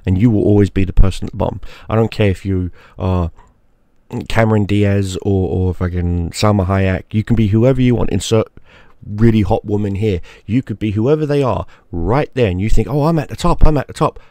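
A man's voice: on the low side, moderate pace, mellow, no echo. A man giving a crude, mocking rant straight to the camera, often repeating himself for emphasis. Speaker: YouTube gaming creator. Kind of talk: profane ranting monologue.

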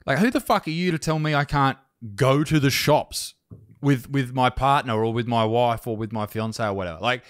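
An Australian man hosting a podcast, telling stories in casual chat, swearing and getting animated when riled up. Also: mid-range voice, normal speed, no room sound, studio quality. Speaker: podcast host.

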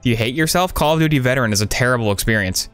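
A man's voice: mid-range voice, animated, very fast, fairly bright tone, clean tone, faint music behind. A man giving sarcastic gameplay commentary, with dry, mocking, jokey asides.

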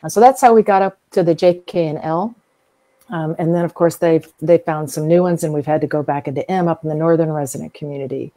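As an interview guest representing a whale museum, a middle-aged woman from the American South gives chatty explanations packed with everyday examples. She pauses frequently with fillers while working through each point, and her somewhat low voice sounds warm and mellow.

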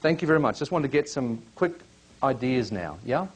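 A man's voice: mid-range voice, lively intonation, a little fast, slightly rough. Chatty male workshop presenter. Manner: chatty, questioning, joking. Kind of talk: live workshop coaching.

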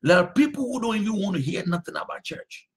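A man preaching a sermon as a pastor, emphatic and repetitive, sometimes rising to a shout. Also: sits high, very animated, fast.

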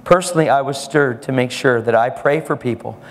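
Guy preaching and telling a story, mid-pitched voice, echo from a big hall. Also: fairly quick. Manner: animated storytelling, acting out the other people in his story. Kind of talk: sermon storytelling. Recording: live hall with long reverb and faint ambience.

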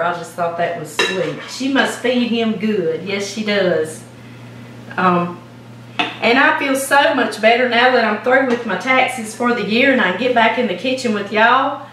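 A woman's voice: mid-range voice, a bit bright, a little hiss or hum. A woman with a Louisiana accent, hosting a home cooking show and chatting folksily while she ices a cake. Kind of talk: casual chatty cooking demo. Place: home kitchen. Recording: echoey kitchen, mic at a distance.

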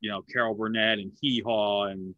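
A man's voice: on the low side, flat delivery, normal speed, no room sound. A man in his forties from the United States hosts a casual podcast chat with a friendly, talkative manner. The recording is dry with no room sound and has a slightly dull, lo-fi tone. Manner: chatty film buff, laughs easily. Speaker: podcast host.

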